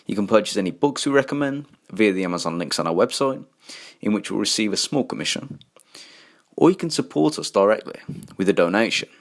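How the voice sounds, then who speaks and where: Dry-humored podcast host, low voice. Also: male voice, expressive, a little fast. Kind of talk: scripted sponsor read.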